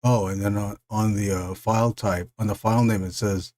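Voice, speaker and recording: A man's voice: on the low side, steady tone, moderate pace, a little mellow. A man hosting a live stream, chatting casually and rambling, with frequent fillers and laughs. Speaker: live stream host and illustrator.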